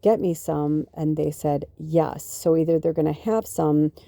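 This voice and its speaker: A woman podcast host telling a rambling personal story in a casual, chatty way, full of fillers and excited quoted lines. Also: low voice, measured pace, vocal fry, dry recording, studio quality. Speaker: podcast host and spiritual medium.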